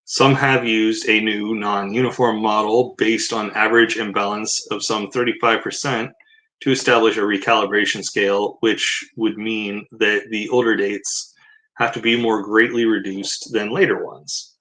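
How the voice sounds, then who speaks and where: Man, lowish voice, sarcastic, mocking, casual commentary with read-aloud passages. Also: level tone, normal speed, fairly bright tone, poor audio. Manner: rambling asides. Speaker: video commentator reading and rebutting a book.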